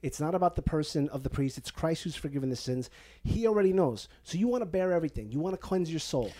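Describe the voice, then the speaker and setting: Playful priest with an Italian-American lilt. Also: male voice, on the high side, expressive, fast, warm tone. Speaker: Catholic priest and podcast host. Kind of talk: casual podcast advice chat. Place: basement living room at home.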